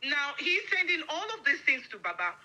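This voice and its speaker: A woman's voice: high voice, big pitch swings, brisk, bright, forceful tone, slight background noise. A Nigerian woman guest on a talk show, firm and persuasive, asking pointed questions over a phone line.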